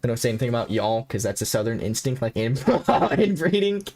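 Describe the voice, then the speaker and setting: Here the young American streamer sounds lowish and fairly even in intonation, slightly mellow, and he races through his words. Playing a horror game, he reads the text aloud and chats loosely with viewers, joking with chat, swearing, and drawling.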